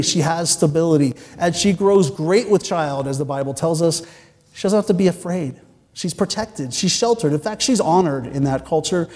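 A man's voice: on the high side, mellow. Earnest male pastor with an echoing hall sound. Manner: earnest, storytelling, with joking asides. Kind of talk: sermon. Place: church sanctuary. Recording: long church-hall reverb.

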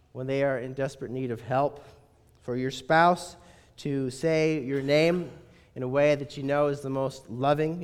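A man's voice: on the high side, clean tone. A male pastor preaching a sermon in a conversational, wry manner, often asking rhetorical questions. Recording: reverberant hall.

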